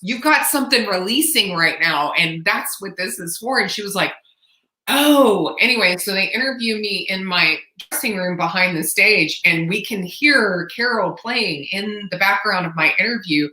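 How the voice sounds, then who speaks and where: Live-stream host, woman, bright and chatty, echoey room. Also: mid-range voice, moderate pace, few pauses. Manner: chatty, greets viewers by name. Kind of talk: casual live-stream chat.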